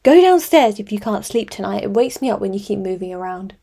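A woman's voice: mid-range voice, lively intonation, a little fast, vocal fry, mellow. A woman voicing a flippant, defensive younger sister with a breezy, teasing way of talking. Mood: heated.

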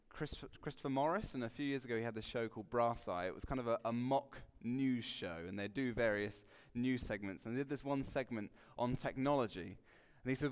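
A man giving a relaxed, conversational sermon, joking and acting out quotes with sudden loud bursts. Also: medium pitch, clean tone. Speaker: preacher. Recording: long hall reverb.

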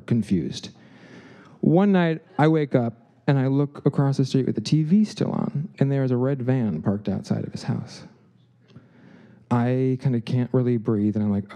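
Brief: male storyteller, mellow tone, animated, slips into quoted voices. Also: moderate pace. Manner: animated, acts out quotes with shifting pitch. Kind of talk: personal storytelling.

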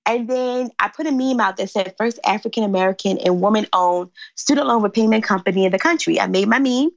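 A woman from Philadelphia, a company founder, telling stories animatedly in an interview and acting out quotes with big jumps in pitch. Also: brisk, gravelly, no echo, lo-fi sound. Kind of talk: animated storytelling in conversation.

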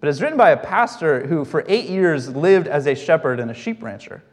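A man's voice: fairly high pitch, expressive, fairly quick, in a large hall. A young adult man giving a conversational sermon as a pastor, telling stories and asking the congregation questions.

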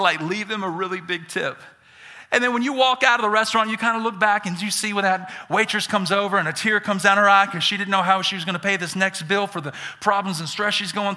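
A male pastor from Alabama with a Southern accent, preaching an energetic sermon that builds to shouts on key points. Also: high voice. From Birmingham, Alabama.

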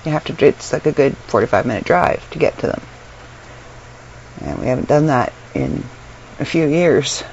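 Woman, middle-aged, from Canada, tired, unwell, rambling chat, gravelly voice, muffled lo-fi sound. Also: very deep voice, lively intonation, normal speed, long pauses, a little mellow. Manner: chatty and rambling, frequent ums and laughs. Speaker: vlogger. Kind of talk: casual chat to camera. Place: her bedroom at home. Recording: dull lo-fi sound with faint room noise.

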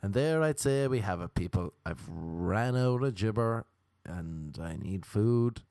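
Self-mocking Irish comedian, dry sound. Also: male voice, on the low side, lively intonation, unhurried, a little mellow, dry recording. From Ireland. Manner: rambling, self-mocking, jokey asides. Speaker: podcast host and comedian. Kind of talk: comic podcast monologue.

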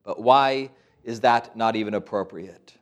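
Man preaching a lively sermon. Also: lowish voice, a little slow. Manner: storytelling, with quoted voices and asides. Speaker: priest.

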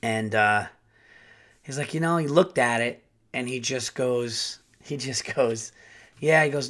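A man hosting a podcast, telling a rambling, profane, animated story in a casual way. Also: mid-range voice, a little slow. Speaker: podcast host and comedian.

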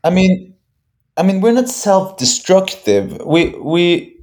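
A man, a musician guest on a podcast, talking casually with halting restarts and some swearing. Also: high-pitched, sing-song, darkish tone. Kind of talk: casual interview chat.

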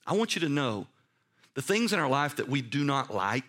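A man's voice: mid-range voice, very animated, normal speed, fairly bright tone. Man preaching with emphatic repetition. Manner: emphatic, repetitive preaching with direct questions to the congregation. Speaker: pastor. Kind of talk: sermon. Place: church service.

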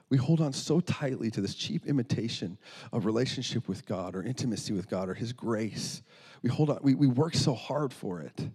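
A man's voice: medium pitch, darkish tone, breathy edge. Earnest man telling a sermon story. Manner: earnest, repeats and restarts words. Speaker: preacher.

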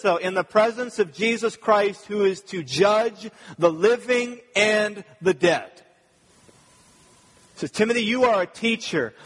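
This pastor has a high, slightly bright voice and preaches a sermon earnestly and emphatically, repeating key phrases to give them weight. His voice sounds husky, and the recording carries a long hall reverb.

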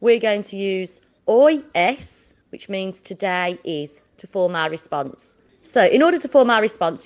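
A woman leads a children's Spanish lesson at a medium pitch. She slows down and stretches out key words so young listeners can repeat after her. Her delivery stays clear and patient. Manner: slow, drawn-out modelling of words for repetition. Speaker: Spanish teacher.

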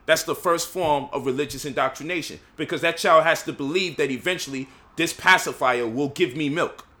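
Bright-voiced preachy New man. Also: a little high, brisk. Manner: preachy, rhetorical questions, mocking quoted voices. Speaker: speaker leading a discussion. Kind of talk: impassioned lecture.

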